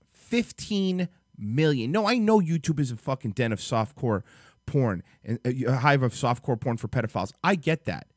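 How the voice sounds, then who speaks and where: Furious, swearing livestream host. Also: male voice, medium pitch, a little fast, slightly rough, no echo, studio quality. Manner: angry, profane ranting; reads web text aloud in a flat mutter. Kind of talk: reacting to videos on a live stream.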